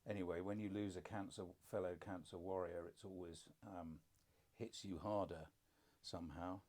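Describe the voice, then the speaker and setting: Older man with a deep, dry storytelling voice. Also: steady tone, normal speed, darkish tone. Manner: dry self-deprecating humour, reflective storytelling. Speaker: podcast co-host, father. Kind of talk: casual conversation.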